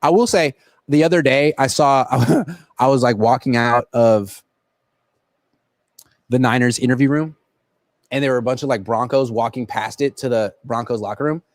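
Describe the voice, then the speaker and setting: A man's voice: medium pitch, normal speed, pauses often, dry recording. A man hosting a casual sports livestream from a football stadium, joking and rambling as he answers viewer questions into a laptop mic. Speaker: sports reporter and host. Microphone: laptop built-in camera mic.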